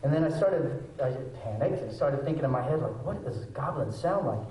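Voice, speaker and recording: A man's voice: medium pitch, a little fast, slight background noise. A man in his forties, a voice actor, answers fan questions on a convention panel. He tells stories with energy and acts out quotes and noises as he goes. His voice carries through an echoey hall and sounds distant from the mic. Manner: animated storyteller, acts out quotes and goblin noises. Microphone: handheld mic, recorded from the audience.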